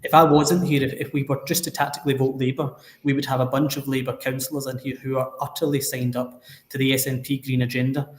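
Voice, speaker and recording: Scottish man, brisk emphatic councillor guest, echoey room. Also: medium pitch, little pitch movement. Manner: forceful, emphatic, indignant. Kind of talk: political discussion on a talk show. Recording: roomy echo.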